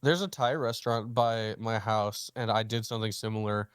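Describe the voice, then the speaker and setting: A man's voice: moderate pace, clean tone, dry recording, studio quality. A young man hosting a casual chat, telling a story and acting out both sides of the dialogue. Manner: animated, acts out quoted dialogue with pitch jumps. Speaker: host.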